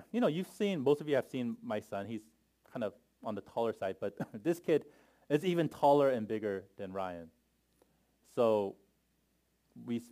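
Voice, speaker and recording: A man's voice: mid-range voice, a little mellow. A man in his thirties, a pastor, preaching a sermon in a conversational storytelling way, with small self-deprecating laughs.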